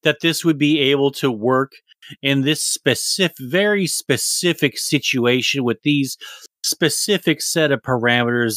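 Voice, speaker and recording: A man's voice: mid-range voice, a bit bright, dry recording, studio quality. A man co-hosting a podcast, talking casually, rambling and swearing a lot. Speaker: podcast co-host. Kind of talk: casual chat.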